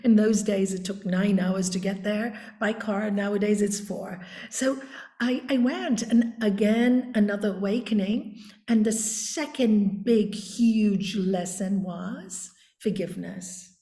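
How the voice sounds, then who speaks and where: A woman with a warm, mellow voice speaks unhurriedly, like a teacher. She tells reflective stories as a yoga guide. Her voice sits in a roomy, echoing space. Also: medium pitch. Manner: slow, deliberate teaching tone. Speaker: yoga teacher, interview guest. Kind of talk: reflective storytelling. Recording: roomy echo.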